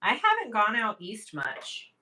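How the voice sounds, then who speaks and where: Bright-voiced woman hosting a sewing livestream. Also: medium pitch, huge pitch swings, a little hiss or hum, rough recording. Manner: upbeat, laughs often, quick bursts of praise. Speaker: sewing channel host. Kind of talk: casual chat on a livestream. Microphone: livestream camera mic.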